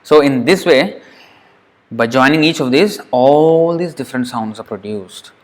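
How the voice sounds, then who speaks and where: A man's voice: medium pitch, expressive, a little slow. A man teaching Sanskrit pronunciation in a recorded lesson, demonstrating each syllable aloud and repeating it patiently.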